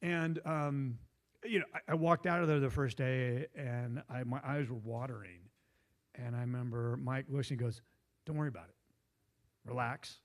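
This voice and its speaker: A man's voice: medium pitch, steady tone, moderate pace. Rambling man telling stories. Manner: rambling, digressive, laughs often. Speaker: guest investor. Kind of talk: casual storytelling. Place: meetup room.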